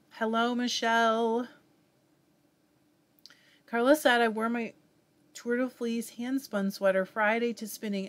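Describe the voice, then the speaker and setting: A woman with a Southern US accent hosting a live fiber arts stream, chatting casually and reading viewer comments aloud with frequent laughs. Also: mid-range voice.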